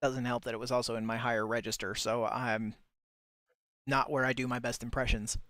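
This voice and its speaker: A man's voice: mid-range voice, level tone, fairly quick, fairly bright tone, dry recording. A man hosting a livestream podcast, reading fiction aloud with wry, self-deprecating asides. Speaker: podcast host and reader.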